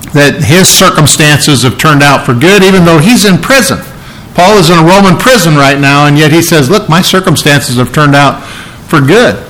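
A middle-aged male preacher giving a conversational sermon, often restarting phrases and clearing his throat. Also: a little high, a bit bright, low-quality recording.

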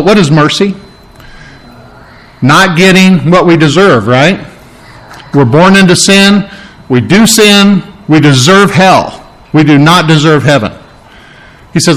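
A man preaching a sermon, emphatic and repetitive, pausing to explain Greek words. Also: on the high side, a bit bright, rough recording. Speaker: pastor.

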